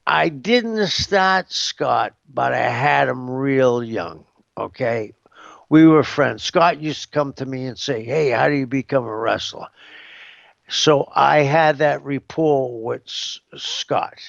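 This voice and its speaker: A man's voice: medium pitch, takes it slowly, gravelly, no room sound, muffled recording. A man giving a casual interview as a guest, rambling and hesitant, with lots of "you know what I mean.".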